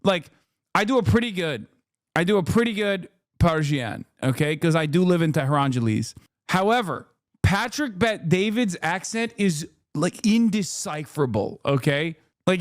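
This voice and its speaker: A man's voice: high voice, lively intonation, a little slow, dry recording, clean studio sound. A man streaming live, reacting to clips with sarcastic jokes and frequent laughter. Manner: sarcastic, joking, laughs often. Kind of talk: casual live reaction commentary.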